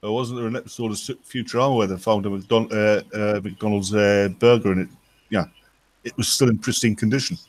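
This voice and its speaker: A man's voice: lowish voice, fairly even intonation, a little fast. A man with an English accent chatting casually on a livestream, joking dryly and often restarting his sentences.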